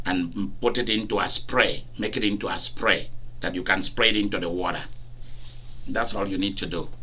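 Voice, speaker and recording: Male preacher, very bright tone, animated storytelling delivery. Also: on the low side, breathy edge. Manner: animated, laughing, acts out cries and dialogue. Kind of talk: sermon.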